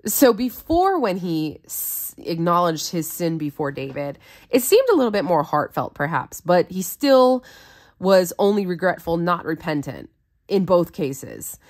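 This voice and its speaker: A woman's voice: fairly low pitch, sing-song, a little slow. A woman who hosts a Bible study, reading scripture aloud and explaining it in an earnest, conversational way.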